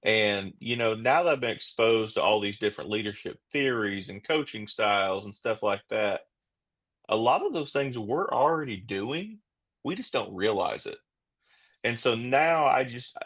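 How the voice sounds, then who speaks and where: Low-voiced plain-spoken man guest. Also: a bit bright. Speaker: guest, former police officer. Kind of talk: casual interview chat.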